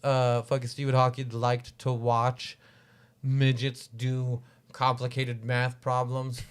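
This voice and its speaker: A man in casual podcast banter, animated and joking, swearing freely. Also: mid-range voice, slow pace, clear, resonant tone. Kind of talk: casual chat.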